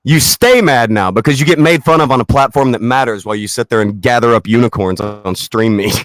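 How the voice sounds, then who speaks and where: A man's voice: medium pitch, a little fast, a bit bright, a little hiss or hum. A man hosting a livestream, ranting and mocking someone with sarcastic, profane taunts. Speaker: livestream host.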